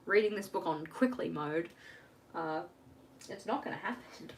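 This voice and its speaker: A woman's voice: fairly low pitch, expressive, moderate pace, a little hiss or hum. A young woman chatting casually on a live stream from home while she works on her journal, rambling and laughing at herself.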